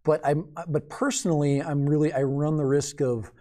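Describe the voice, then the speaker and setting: A man's voice: on the high side, fairly even intonation, moderate pace, mellow. A man in his fifties hosting a casual live stream, rambling and joking with viewers in chat as a hobby drone pilot. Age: 50s.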